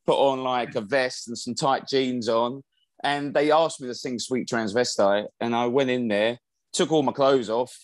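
A man's voice: mid-range voice, steady tone, normal speed, no room sound. Chatty man with a dry, close sound. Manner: chatty, rambling with many fillers and restarts. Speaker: musical theatre actor, interview guest. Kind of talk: casual interview chat.

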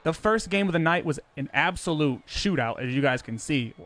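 Brash, high-voiced young man streaming. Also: expressive, moderate pace, a bit bright. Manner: brash, profane, defensive and boastful. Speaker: streamer playing a football video game. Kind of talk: casual live-stream talk to chat.

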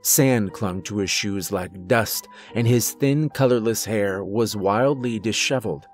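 Slow, low-voiced male horror narrator. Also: faint music behind. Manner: slow, measured storytelling. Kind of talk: scripted narration.

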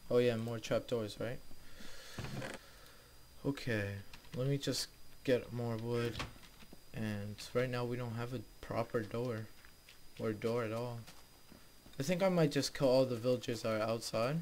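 Young male gamer host, casual chatty play-by-play that turns exasperated, average pitch, faint hiss on the recording. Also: fairly even intonation, unhurried, long pauses, a little mellow. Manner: chatty, easily frustrated, talks to viewers. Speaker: gaming video host. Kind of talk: casual let's play commentary.

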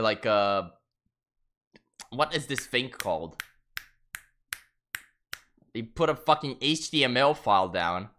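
A male live streamer chatting casually with his viewers, swearing a lot and jumping into shrill outbursts. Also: a bit bright.

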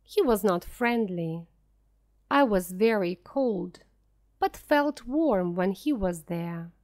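A woman reading a simplified story aloud as a first-person narrator, clear and deliberate. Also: medium pitch, animated, darkish tone. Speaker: audiobook reader.

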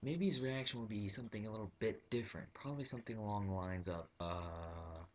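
A man's voice: fairly low pitch, expressive, fast, slight background noise. A young man telling a comic story on his vlog, rambling with lots of fillers and restarts. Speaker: vlogger.

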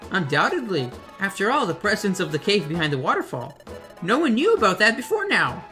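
A pompous video-game bird, stern and fussy, as a man puts him on. He pitches up high and swings his voice widely when he insists. The tone is bright and sharp, with faint game music behind. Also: wildly swooping pitch, brisk, full character voice. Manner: haughty, emphatic, lecturing.

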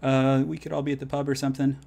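A man's voice: medium pitch, level tone, rapid-fire, creaky, dark tone. A man casually chatting while streaming a strategy game, laid-back and laughing often, trailing off into fillers. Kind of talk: casual gaming stream chat. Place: home, California.

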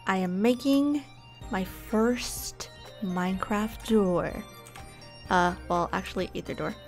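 A woman's voice: mid-range voice, slow, faint music behind. A young woman giving casual, bubbly gameplay commentary, gushing and gasping as she explores. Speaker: gaming YouTuber.

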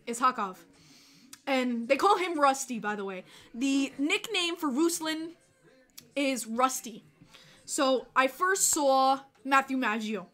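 Woman livestream host, high bright voice, excitable, laughs a lot, casual swearing.

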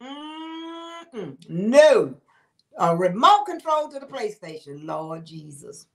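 A high-voiced woman chats on a livestream and answers her viewers. She laughs easily, keeps throwing in exclamations, and talks in an animated, conversational way. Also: takes it slowly. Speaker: livestream host reading comments. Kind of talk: casual livestream chat.

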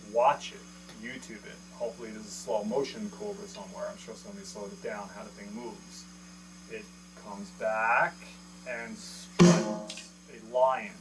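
A man's voice: lowish voice, slight background noise, low-quality recording. Man counting beats in a drum lesson. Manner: explains step by step, counts beats aloud, checks in with "okay?". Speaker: drum teacher. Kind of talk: casual video drum lesson. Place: indoor room with electronic drum kit. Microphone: camera mic.

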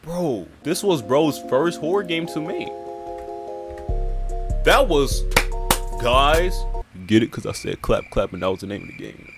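Young guy freaking out over a scary game, voice jumps all over, kinda high, yells a lot, game music going behind him. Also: a little slow, pauses often. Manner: excitable, yelling when scared, slangy. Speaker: gaming YouTuber. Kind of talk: horror game let's play commentary.

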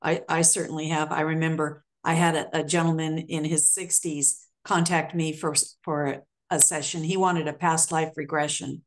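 A woman hosting an interview, calmly recounting a session with a client. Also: low voice, moderate pace, hardly any pauses. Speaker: host. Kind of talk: conversational interview.

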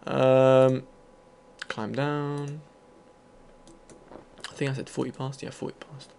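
A man's voice: mid-range voice, level tone, slow pace, vocal fry, darkish tone, slight background noise. Rambling man narrating gameplay. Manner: rambling and loose, with many fillers and casual swearing. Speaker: gaming video host. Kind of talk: casual gameplay commentary.

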